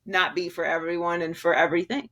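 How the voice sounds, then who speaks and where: A woman's voice: fairly low pitch, level tone, fast, a bit bright. Emphatic woman sharing career advice. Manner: emphatic, laughs often, rambling restarts. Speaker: sports media guest. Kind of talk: candid interview conversation.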